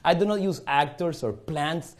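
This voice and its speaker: A man's voice: fairly high pitch, moderate pace. A man from Puerto Rico with a Puerto Rican accent, performing a live magic show on a studio stage and joking theatrically with the audience.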